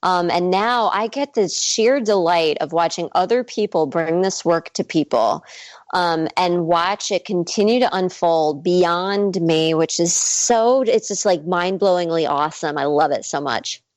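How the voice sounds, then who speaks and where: A woman's voice: lowish voice, unhurried, dry recording. A woman who works as a mindset coach and author, talking enthusiastically as a guest on a radio interview. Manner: enthusiastic, effusive, smiling as she talks.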